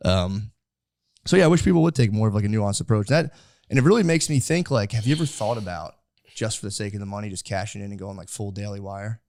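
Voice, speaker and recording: A man's voice: fairly low pitch, fast talker, a little mellow, no room sound. A man in his thirties hosting a casual podcast interview, rambling with lots of fillers. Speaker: podcast host.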